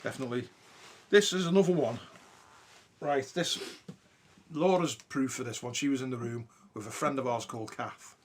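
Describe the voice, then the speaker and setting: A man's voice: medium pitch, moderate pace, long pauses. A man, hosting a podcast and telling a ghost story in a casual, sweary way. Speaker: podcast host.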